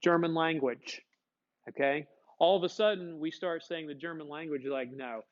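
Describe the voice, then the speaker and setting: A man's voice: on the high side, fairly even intonation, normal speed, muffled recording. A man teaching a history class, chatty and joking, often asking his students questions. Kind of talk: classroom lecture.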